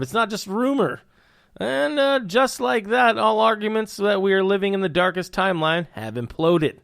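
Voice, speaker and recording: A man's voice: high-pitched, moderate pace, vocal fry, fairly bright tone, dry recording, clean studio sound. A young man hosting a podcast, riffing on news with puns and hyped, jokey asides. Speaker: podcast host. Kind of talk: comedic news commentary.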